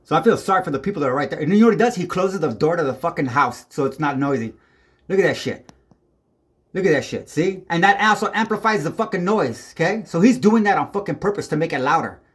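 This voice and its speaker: Man, angry rant, constant cursing, rambling, slightly high-pitched. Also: expressive, fast, fairly bright tone. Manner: heavy swearing, agitated and rambling. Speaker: tenant filming a neighbor. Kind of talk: angry ranting vlog. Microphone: handheld camera.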